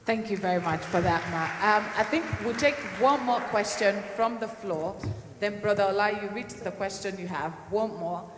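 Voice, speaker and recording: A woman moderating a church panel, courteous and brisk as she passes the floor. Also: medium pitch, noisy background. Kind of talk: chairing a panel. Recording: echoey hall with ambience.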